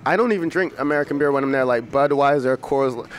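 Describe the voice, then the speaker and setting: A young man from England, raised in America, talking as a rapper guest in a relaxed, joking, rambling way. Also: mid-range voice, fast. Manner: joking, laid-back, rambling storyteller. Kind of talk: casual interview chat.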